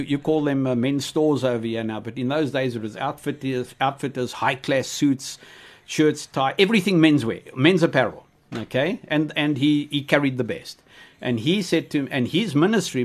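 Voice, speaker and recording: Male guest minister from South Africa, rambling storyteller with repetitions, mid-pitched voice. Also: moderate pace. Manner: rambling, repeats words, frequent "okay?". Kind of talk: radio interview, storytelling.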